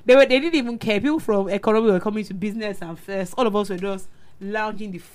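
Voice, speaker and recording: A woman co-hosting a casual podcast chat, telling stories in an animated way, acting out quotes and swearing freely. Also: medium pitch, fast talker. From Nigeria. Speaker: podcast co-host.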